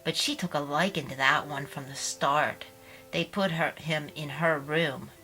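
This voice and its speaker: A woman's voice: low voice, fairly even intonation, a little slow, sharp tone, soft background music, rough recording. A woman voicing a sour, disapproving older woman who scolds with scorn. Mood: scornful.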